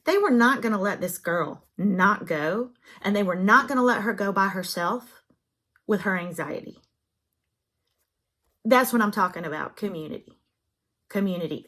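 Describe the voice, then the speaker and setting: A woman's voice: mid-range voice, expressive, a bit bright. A middle-aged woman with a Southern US accent, hosting a craft channel in casual, chatty, encouraging vlog talk. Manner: chatty and encouraging, drawn-out phrasing.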